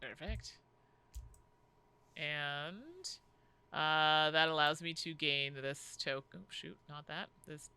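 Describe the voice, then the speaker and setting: A woman's voice: low-pitched, slow, pauses often, clear, resonant tone. A woman co-hosting a casual board game playthrough, groaning and joking at herself as her turn goes badly. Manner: animated, groaning and self-deprecating.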